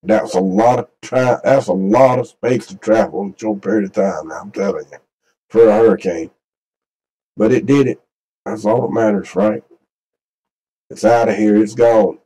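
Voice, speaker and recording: Rambling man with a dark voice. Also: fairly low pitch, normal speed, long pauses, low-quality recording. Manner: rambling, folksy, repeats himself. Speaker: channel host. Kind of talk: casual screen-share commentary.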